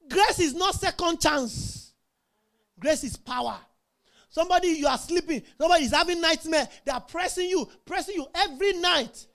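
A man's voice: very high voice, animated, a little fast, fairly bright tone. A man preaching a sermon, emphatic, asking the congregation questions and laughing often.

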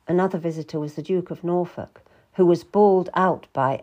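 A woman's voice: fairly low pitch, normal speed, mellow. Woman narrating a historical novel. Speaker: audiobook narrator.

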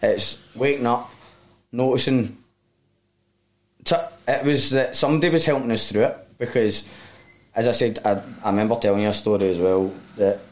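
A man's voice: mid-range voice, steady tone, normal speed, pauses often, a little mellow. A man with a Glasgow Scottish accent, a guest telling his story frankly in an interview, in blunt, sweary speech with tumbling restarts. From Glasgow, Scotland. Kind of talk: candid storytelling in a podcast interview.

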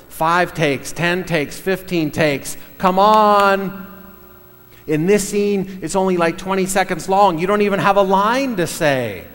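A middle-aged man telling a story in a sermon, halting, with many fillers and restarts. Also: high-pitched, fairly bright tone, in a large hall.

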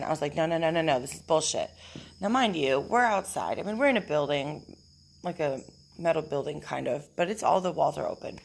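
A woman telling a story in a casual vlog, blunt, profane and rambling, recorded outdoors in nature. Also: low voice. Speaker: vlogger.

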